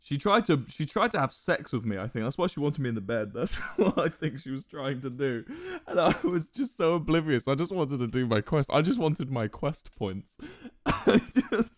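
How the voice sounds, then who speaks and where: A man's voice: on the high side, very animated, normal speed, no echo, studio quality. A man in his thirties telling a gaming story in casual style, swearing freely, laughing a lot and often restarting his sentences.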